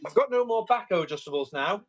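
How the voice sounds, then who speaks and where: A man's voice: high-pitched, expressive, fast, slightly rough. A man running a live tool auction, chatty and jokey with viewers. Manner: chatty, jokey salesman patter.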